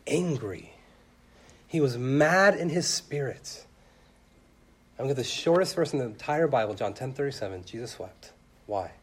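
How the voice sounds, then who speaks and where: A young man preaching a sermon earnestly, his voice swelling loud and then dropping soft. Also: mid-range voice, husky.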